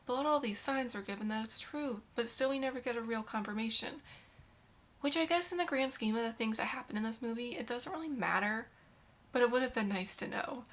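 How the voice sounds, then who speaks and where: A woman's voice: a little high, a little fast, a bit bright. A young woman recapping and critiquing a romantic drama, casual with sarcastic asides. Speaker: film reviewer.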